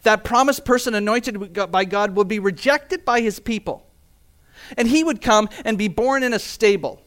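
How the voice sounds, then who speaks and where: A man's voice: high voice, normal speed, fairly bright tone. A man preaching a sermon as pastor, earnest and emphatic, reading scripture aloud and asking rhetorical questions. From Canada.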